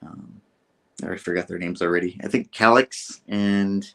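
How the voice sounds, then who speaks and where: Low-voiced man rambling through a recap. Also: fairly even intonation, moderate pace, gravelly, a bit bright. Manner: rambling, with restarts and laughs. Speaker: host of comic book review show. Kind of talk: casual review recap.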